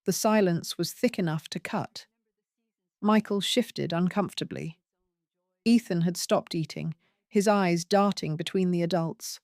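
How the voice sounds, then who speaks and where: Woman reading a dramatic story, lowish voice, dry close sound. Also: unhurried, a little mellow, no echo. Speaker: narrator. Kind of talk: first-person story narration.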